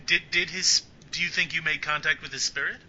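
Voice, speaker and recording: Bright-voiced male interviewer, lo-fi. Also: fairly high pitch, fairly even intonation. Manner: halting, restarts his questions. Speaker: interviewer host. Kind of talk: interview questions. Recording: dull lo-fi line with faint noise.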